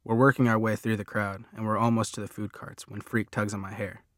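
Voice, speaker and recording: A man narrating a first-person audiobook in a steady, plain storytelling manner. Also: lowish voice, brisk, no echo, studio quality.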